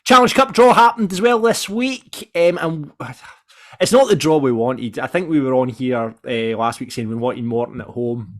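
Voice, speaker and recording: A Scottish man co-hosting a casual football podcast, talking in a lively, excitable way and laughing easily. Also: medium pitch, normal speed. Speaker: podcast co-host.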